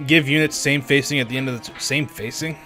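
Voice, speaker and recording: A man's voice: medium pitch, steady tone, fast talker, over loud music. A man hosting a casual game playthrough with friends, joking and reading menu options aloud. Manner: joking, reads menus aloud. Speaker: let's play host. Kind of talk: casual gameplay chat with friends.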